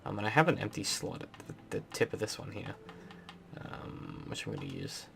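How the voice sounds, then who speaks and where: A young Australian man with an Australian accent touched with British, giving rambling, relaxed gameplay commentary full of ums. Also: on the low side, a little fast, gravelly, faint music behind. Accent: Australian, mixed with British. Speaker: let's play host.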